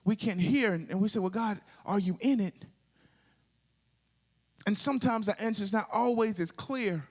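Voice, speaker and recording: A high-voiced male pastor with a Southern US accent preaches, drawing call-and-response from his congregation. The sermon mounts toward rising climaxes that are sung.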